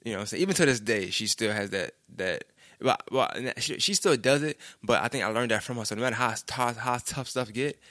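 A man's voice: mid-range voice, expressive, quick pace, sharp tone, no echo, clean studio sound. A young man, telling a personal story in a loose, rambling way and often saying "you know what I'm saying". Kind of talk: casual storytelling monologue.

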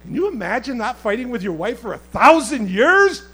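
Impassioned preaching man, lively pitch. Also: normal speed, breathy edge, low-quality recording. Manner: impassioned, swings between loud outbursts and quiet asides; conversational, teasing the congregation. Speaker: pastor. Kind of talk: sermon.

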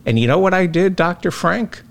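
Animated, sardonic male talk host. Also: sits high, a little fast, creaky. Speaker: podcast host. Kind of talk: casual talk show chat.

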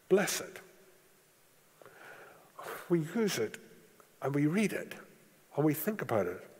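A man's voice: medium pitch, husky. A man preaching a sermon, stressing key words by repeating them, recorded in a church. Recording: long church hall reverb.

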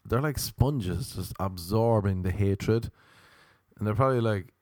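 A man from Ireland doing a crude, comedic monologue as a podcast host, storytelling with big animated swings. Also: lowish voice, unhurried, dry recording.

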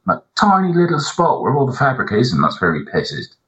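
A man's voice: mid-range voice, wildly swooping pitch, a little fast, fairly bright tone, highs cut off. A man co-hosting a podcast, telling long rambling anecdotes and swearing a lot. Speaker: podcast co-host. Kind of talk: casual chat.

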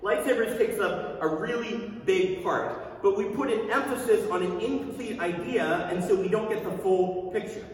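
Conversational preacher in an echoey hall. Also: male voice, sits high, normal speed, few pauses. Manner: conversational, emphatic preaching with rhetorical questions. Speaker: pastor. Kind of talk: sermon. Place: church sanctuary. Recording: echoey hall from far off, faint ambience.

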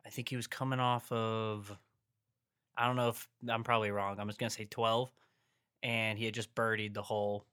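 A young man co-hosting a casual sports podcast, lighthearted and quick to laugh. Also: on the low side, little pitch movement, a bit bright, smooth, no echo, studio quality. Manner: laughs often, lighthearted teasing. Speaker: podcast co-host.

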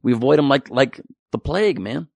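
Man, comedic rant, sarcastic, exasperated, gravelly, dry sound. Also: medium pitch, animated, brisk, darkish tone, no room sound.

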